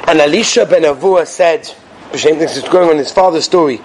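A man teaching in a yeshiva, giving a sermon full of stories, animated and dramatic, sprinkling Yiddish and Hebrew words. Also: fairly high pitch, fairly quick, slight background noise, poor audio. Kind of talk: sermon with storytelling.

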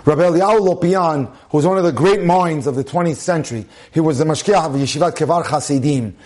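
Talking fast in a slightly high, somewhat mellow voice, a man preaches about marriage in sermon fashion. He hammers his points with repeated phrases and one rhetorical question after another.

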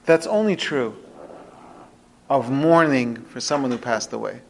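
A man teaching a religious lesson through storytelling, with expressive, dramatic shifts in pitch and loudness. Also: unhurried, vocal fry, a little hiss or hum. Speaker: rabbi teaching a podcast lesson.

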